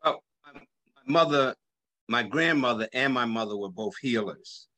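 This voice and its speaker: A man's voice: mid-range voice, lively intonation, a little slow, pushed and bright. A man in his seventies, a guest on a radio interview, telling his story with hesitant fillers. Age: 70s. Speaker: guest, health practitioner.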